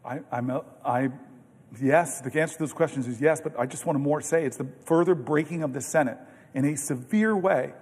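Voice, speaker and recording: A man in his fifties, a senator giving a long floor speech, telling stories in an earnest, animated way with halting restarts. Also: on the high side. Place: large legislative chamber. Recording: long reverb of a large chamber.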